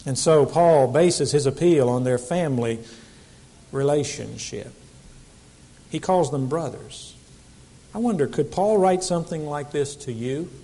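A pastor delivering a Sunday sermon to his congregation. He is a man with a fairly high voice who builds emphatic peaks on key phrases, then drops to a quieter, earnest tone. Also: a little slow, long pauses. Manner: emphatic preaching with rising and falling intensity. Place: church service.

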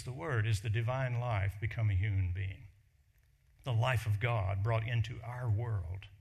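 A man preaching a sermon, with emphatic delivery that slows and lifts on key phrases. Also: mid-range voice, gravelly, husky. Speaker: pastor.

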